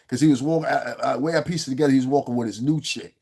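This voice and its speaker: A man hosting a livestream, rambling and animated, with frequent profanity. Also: mid-range voice, very fast, few pauses, breathy edge. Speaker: livestream host. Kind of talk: livestream commentary.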